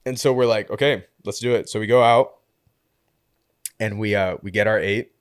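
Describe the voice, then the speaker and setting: A man with a fairly low voice tells a story on a podcast, casual and lively, with constant "like"s and little acted-out quotes. The recording is close and dry, with no room sound around him. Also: normal speed, clean tone, dry recording. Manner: animated storyteller, heavy use of "like", acts out quotes. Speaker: podcast guest, community co-founder.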